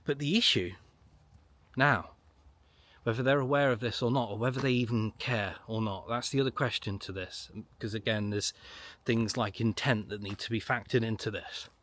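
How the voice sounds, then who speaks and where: A middle-aged man giving a solo commentary to camera, emphatic and ranting, repeating his points with long pauses. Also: medium pitch, fairly even intonation, fairly bright tone. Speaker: online political commentator.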